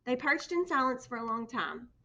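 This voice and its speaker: A woman reading a children's picture book aloud with expressive storytelling. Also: high voice, normal speed. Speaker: storybook reader.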